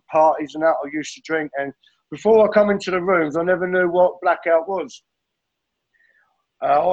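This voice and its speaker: A man's voice: high-pitched, vocal fry, lo-fi sound. A middle-aged man sharing his addiction recovery story in a rambling, blunt way, swearing and saying mate constantly.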